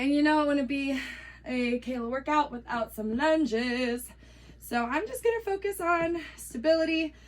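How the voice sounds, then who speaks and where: A woman with a high voice coaches a workout while doing it herself. She counts reps aloud between panting breaths and keeps things upbeat with little jokes. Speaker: fitness coach. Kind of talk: workout instruction while exercising.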